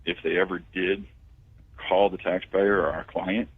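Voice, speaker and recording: A man, a tax firm owner, pitching his services confidently as a guest phoning into a radio talk show. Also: little pitch movement, unhurried, slightly rough, dry recording. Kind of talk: radio phone-in interview. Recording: tinny phone line.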